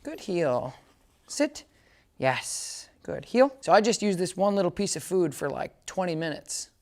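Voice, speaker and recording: A man working as a dog trainer, giving a casual hands-on training demo. He talks in a chatty way, often checks that the listener understands, and gives bright, upbeat praise commands to the dog. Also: sits high, big pitch swings, unhurried.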